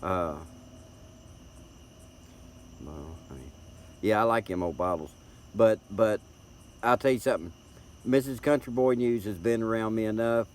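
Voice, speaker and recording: A middle-aged man with a Tennessee Southern accent and a somewhat low voice talks in a folksy, rambling way, often repeating words as he goes. He speaks casually to viewers on a live stream, picked up by a tablet's built-in mic. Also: unhurried, long pauses. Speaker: livestream host.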